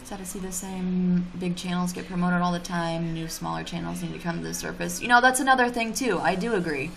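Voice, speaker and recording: A woman chatting on a livestream in a fairly low voice, blunt and animated, swearing freely as she vents. She sounds casual and unpolished. A faint background noise sits under her voice. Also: fairly quick, gravelly. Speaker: YouTuber streaming live. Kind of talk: casual livestream chat reading comments.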